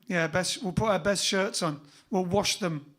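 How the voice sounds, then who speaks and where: A man's voice: sits high, moderate pace, a bit bright. A man hosting a casual lockdown livestream as band leader, chatting playfully and joking between songs. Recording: band music clearly behind the voice.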